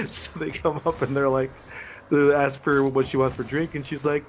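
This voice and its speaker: A man's voice: medium pitch, flat delivery, normal speed, slight background noise. A young man co-hosting a podcast, telling crude stories and laughing often in casual chat. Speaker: podcast co-host.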